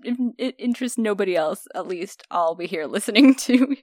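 A woman's voice: mid-range voice, expressive, fairly quick, a little mellow, dry recording. A woman co-hosting a casual podcast, answering with dry, wry comebacks. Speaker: podcast co-host.

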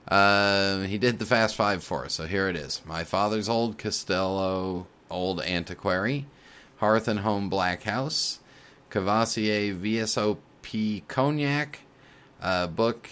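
Male podcast host, deep voice, relaxed letter-reading delivery with frequent chuckles. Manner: reads listener letters aloud, chuckling often; many filler uhs. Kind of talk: casual podcast talk.

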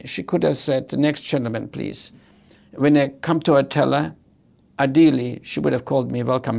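A man's voice: medium pitch, creaky, darkish tone, slightly rough. An older man, a hotel executive, telling a story in an emphatic way and repeating his key points. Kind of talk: storytelling talk.

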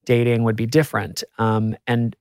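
A man's voice: medium pitch, flat delivery, normal speed, darkish tone, clear, resonant tone, no echo, clean studio sound. A man hosting a podcast, talking in a chatty, reflective way and laughing easily. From America. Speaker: podcast host. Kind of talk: casual conversation.

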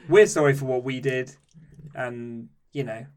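A man's voice: medium pitch, fairly even intonation, a little slow, a little mellow, distant mic. A man playing a tabletop role-playing game, easygoing and hesitant. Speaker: player. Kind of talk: casual tabletop play. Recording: voice from off the mic.

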